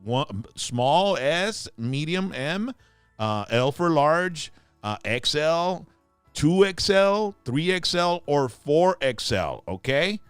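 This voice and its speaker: A man's voice: fairly high pitch, very animated, slow pace, smooth, dry recording, soft background music. A middle-aged man, co-hosting a casual chat, joking and switching between English and Spanish. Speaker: co-host.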